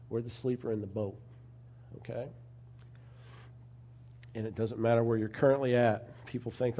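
A man's voice: mid-range voice, mellow, slight background noise. A man preaching a sermon in an earnest, conversational way, often adding asides to his listeners.

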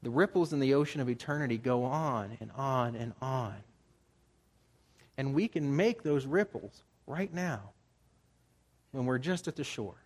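A man in his forties giving a sermon as a pastor, talking in a conversational way and jumping higher for emphasis. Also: a little slow, long pauses. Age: 40s. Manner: conversational, animated, jumps into higher pitch for emphasis.

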